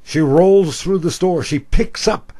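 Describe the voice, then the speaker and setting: An older man, a former radio talk host, telling a story in an animated, self-mocking way. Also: a little high, takes it slowly. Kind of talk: storytelling monologue.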